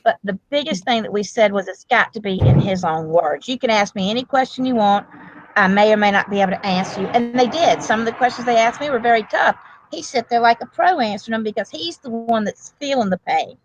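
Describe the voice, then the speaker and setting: A woman's voice: fairly high pitch, brisk, lo-fi sound, music in the background. A woman, a grandmother and medical provider, talking earnestly and at length in a casual interview, with many restarts. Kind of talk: emotional casual interview talk.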